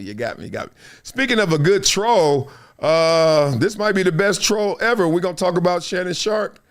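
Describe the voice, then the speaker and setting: A male show host giving animated, slangy reaction commentary, laughing and mimicking the people in the clips. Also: a little high.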